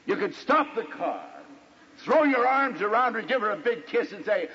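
Animated male preacher on dull tape. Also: moderate pace. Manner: animated, jumps high when quoting others. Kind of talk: storytelling sermon. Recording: dull lo-fi recording with faint hiss.

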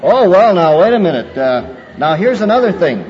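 A man preaching a sermon, lively and conversational, acting out people's excuses in a raised voice. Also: moderate pace, crowd noise. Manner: animated, acts out quoted excuses in a higher voice. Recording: muffled old hall recording with faint noise.

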